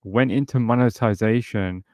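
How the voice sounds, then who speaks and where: A man with a lowish voice hosts a casual true crime livestream, talking bluntly and getting fired up in long run-on bursts. He leans on fillers and restarts. The sound is dry and close, with no room around it. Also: normal speed, darkish tone, dry recording.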